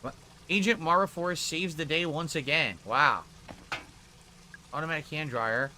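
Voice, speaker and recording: A man's voice: fairly high pitch, a little slow, bright, forceful tone, a little hiss or hum. A man streaming a video game, chatting casually to his viewers and narrating his play. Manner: chatty, talks to chat while playing. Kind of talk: casual live-stream chat and gameplay narration.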